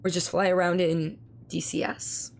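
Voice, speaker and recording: A hoarse woman with laryngitis, chatting casually with her stream viewers and reading their messages aloud, speaking slowly to spare her voice. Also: lowish voice, flat delivery. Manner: reads viewer messages aloud and answers them. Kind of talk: casual live-stream chat.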